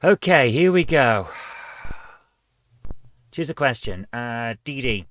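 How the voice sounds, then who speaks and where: Reading out quiz questions and casually guessing at them, a retro gaming channel host gives relaxed let's-play commentary. His medium-pitched voice is lively but slow and a bit bright, with a little hiss or hum behind it.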